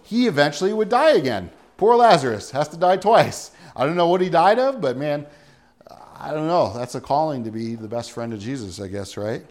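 Male pastor, conversational sermon, rhetorical questions, slightly higher voice. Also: animated, normal speed, a little mellow. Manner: chatty, rhetorical questions, acts out everyday scenes.

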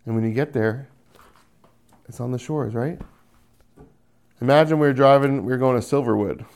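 A male preacher with a gravelly, creaky edge to his voice delivers a sermon straight to his listeners. He slips into little acted-out voices and lingers on long, savoring "mm" sounds. His pitch sits in an ordinary middle range. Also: a little mellow. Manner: acts out quoted voices, drawn-out "mm" sounds.

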